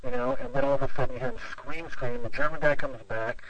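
A man's voice: medium pitch, fast, vocal fry, a bit bright, poor audio. A man who is a pastor, telling a long story in an interview, rambling with lots of "you know" fillers. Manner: rambling, full of 'you know' fillers.

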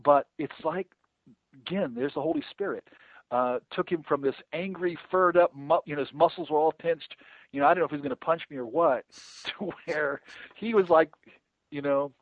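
A man's voice: fairly high pitch, normal speed, no echo. Earnest evangelist man on a tinny line. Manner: earnest, repeats words often, acts out quoted conversations. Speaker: evangelist guest. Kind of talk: casual interview talk about evangelism. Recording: tinny phone-line sound, dry.

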